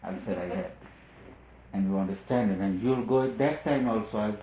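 A man giving a spiritual discourse as a teacher, talking in a measured, repetitive and emphatic way. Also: lowish voice, a little hiss or hum. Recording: echoey room, phone-like lo-fi sound.

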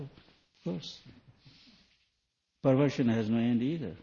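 A man's voice: medium pitch, a little slow, pauses often, warm tone. A man giving a spoken sermon to an audience, asking rhetorical questions in a loose, non-native phrasing. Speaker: spiritual teacher. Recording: dull lo-fi 1980s tape recording.

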